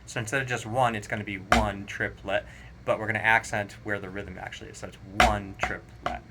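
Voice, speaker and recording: A man teaching a drum lesson, counting rhythms aloud in a relaxed, explanatory way. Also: lowish voice, a little fast, background noise. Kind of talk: casual spoken drum lesson. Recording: drums playing clearly behind the voice. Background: drum kit playing.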